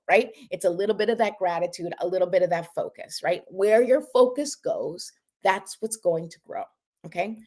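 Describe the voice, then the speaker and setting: A woman's voice: mid-range voice, expressive, moderate pace, a little mellow. Middle-aged woman, life coach, casual livestream talk, chatty with lots of asides. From Canada. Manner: chatty, many asides, says "right?" and "like" often.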